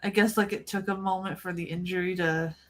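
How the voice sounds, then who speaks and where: A woman's voice: fairly low pitch, steady tone, fairly quick, crowd noise. A woman chatting casually while co-watching a movie on stream, giggly and full of "like". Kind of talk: casual reaction chat.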